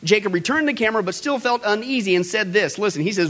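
High-voiced, emphatic male host. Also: animated, quick pace, few pauses, bright, forceful tone. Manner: emphatic, folksy, keeps addressing the audience. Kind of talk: preaching commentary on current events.

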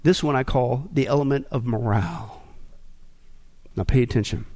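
A middle-aged male pastor preaching a sermon with sarcasm, swinging between loud bursts and hushed asides. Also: mid-range voice, moderate pace.

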